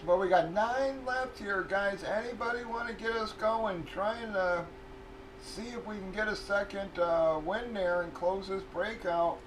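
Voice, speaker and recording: High-pitched guy venting on his stream, swears a lot, faint noise behind. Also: unhurried, a bit bright, poor audio. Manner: profane, ranting, venting. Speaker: livestream host running a card break. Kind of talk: casual livestream chat.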